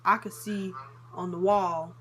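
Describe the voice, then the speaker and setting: A woman's voice: fairly low pitch, steady tone, measured pace, crowd noise. A young woman casually telling a personal story to camera, full of fillers like "basically" and "like" and acted-out dialogue. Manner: chatty, lots of fillers and quoted dialogue. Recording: faint background noise.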